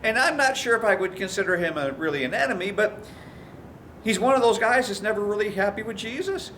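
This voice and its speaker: This pastor's sermon comes in a high, expressive voice with a sharp tone and a brisk pace, plus a little hiss or hum. He tells stories and acts out the quoted speakers.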